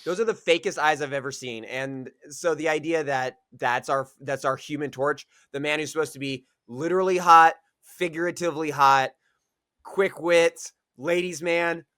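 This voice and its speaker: A man's voice: fairly high pitch, moderate pace, pushed and bright, dry recording, studio quality. A man in a casual podcast chat, blunt and exasperated, swearing as he complains.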